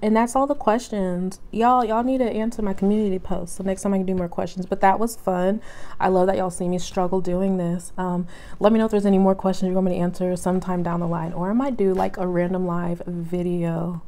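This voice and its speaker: Woman plant vlogger, low mellow voice, chatty and easily moved, casual talk to camera. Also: steady tone. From Texas. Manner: chatty, emotional, drawn-out words.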